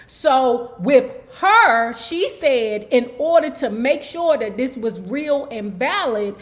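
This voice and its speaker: A woman's voice: high voice, lively intonation, slow pace. A woman hosting a book club, retelling a memoir in a chatty, sassy way with asides to her viewers. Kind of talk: casual storytelling book commentary.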